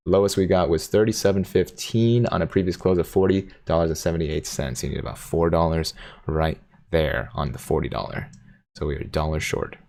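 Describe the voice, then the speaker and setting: A man's voice: low voice, a little fast, gravelly, darkish tone. A man hosting a casual livestream, reading viewer comments aloud in a jokey, playful way. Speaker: livestream host reading chat.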